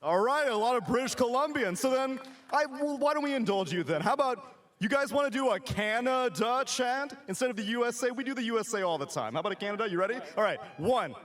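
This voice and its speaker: A man's voice: extremely high pitch, expressive, fast talker. A man hosting an esports panel, joking with the crowd and leading chants. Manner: jokey, leads chants, shouts to crowd. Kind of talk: live crowd hype.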